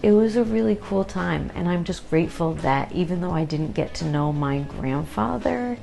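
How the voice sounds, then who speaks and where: A woman chatting casually about a kitchen renovation she did, telling stories in an animated way and laughing as she talks. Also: lowish voice, normal speed, vocal fry, faint music behind. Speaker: home renovation vlogger. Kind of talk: casual chat.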